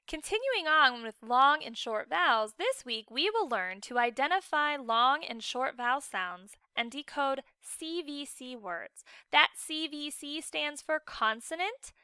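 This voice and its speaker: A high-pitched woman teaching a phonics lesson to children in a slow, careful way. Her voice is bright and smooth, and each word is stretched and overpronounced. She sounds patient and encouraging, recorded dry and close. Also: dry recording. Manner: slow, exaggerated enunciation of words.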